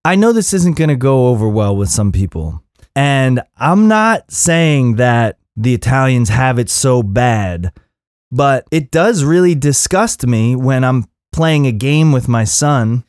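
A man's voice: mid-range voice, lively intonation, measured pace, a little mellow, dry recording, studio quality. A man in his thirties ranting in an impassioned, profane monologue as a podcast host. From Philadelphia area.

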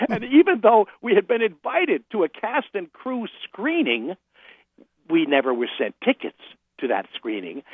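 Phoning in to a radio program, an older man with a voice on the high side shares stories in a laid-back interview, laughing and restarting often. No room sound comes through the phone line.

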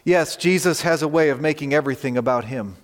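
Male pastor, slightly high voice, earnest sermon delivery with emphatic repetition, long church reverb. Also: fast. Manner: earnest, direct appeals to listeners with emphatic repetition.

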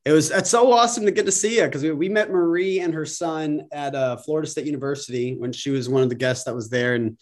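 A man hosts a casual online chat. His voice sits a bit high, and he talks in an enthusiastic, playful way as he greets everyone. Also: quick pace, few pauses. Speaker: host.

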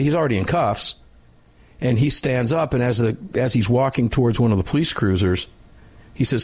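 Husky, indignant male radio host. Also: medium pitch, lively intonation, fairly quick, darkish tone. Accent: American. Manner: emphatic, indignant storytelling. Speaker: radio talk show host. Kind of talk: impassioned radio commentary.

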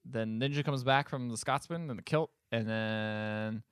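A man's voice: mid-range voice, unhurried, clear, resonant tone, no echo. A man with a mid-range voice recaps a film on a podcast, sounding exasperated and sarcastic. The sound is dry and close to the mic. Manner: sarcastic, exasperated retelling with profanity. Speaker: podcast co-host recapping a movie. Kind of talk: casual chat.

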